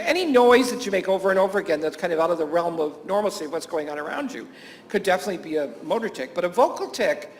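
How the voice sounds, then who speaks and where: A man who teaches and works at a camp, giving a conference talk to health professionals, full of anecdotes, frequent chuckles, fillers and restarts. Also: sits high. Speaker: teacher and camp staff speaker.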